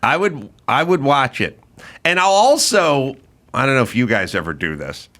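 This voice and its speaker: A man hosting a casual podcast, riffing and musing aloud in an animated way. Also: medium pitch, normal speed. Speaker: podcast host.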